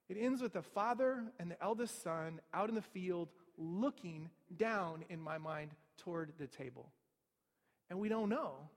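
A man's voice: high-pitched, long reverb tail. A man preaching a sermon in a conversational way, with rhetorical asides to the listeners.

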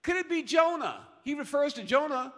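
High, bright-voiced preacher in a reverberant hall. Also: male voice, sing-song, moderate pace. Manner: emphatic, repeats phrases and builds to loud peaks. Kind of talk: sermon.

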